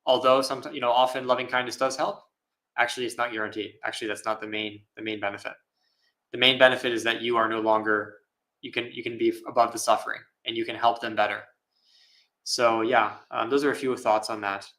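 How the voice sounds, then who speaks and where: A man who is a Buddhist monk, answering questions in a relaxed, thoughtful way with frequent laughs and fillers. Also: medium pitch, quick pace, rough recording. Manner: casual, thoughtful, laughs often, many fillers. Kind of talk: live Q&A dharma talk.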